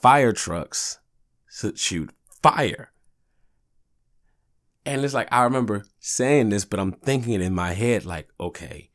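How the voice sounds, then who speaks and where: A man's voice: lowish voice, expressive, slow, pauses often, a bit bright. A man in his thirties hosting a podcast, rambling through profane, laid-back stories. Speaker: podcast host. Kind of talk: casual solo podcast monologue.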